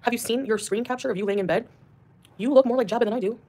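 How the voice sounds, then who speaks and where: A woman's voice: a little high, rapid-fire, mellow. A woman streamer ranting defensively in clips from her livestream.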